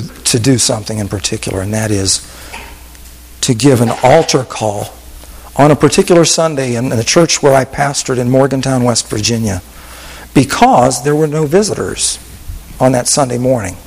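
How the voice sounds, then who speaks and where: A male pastor preaching a sermon with an altar call, telling stories in a voice that drops to hushed whispers and rises to emphatic peaks. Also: medium pitch, animated, normal speed, gravelly, long reverb tail, a little hiss or hum, poor audio.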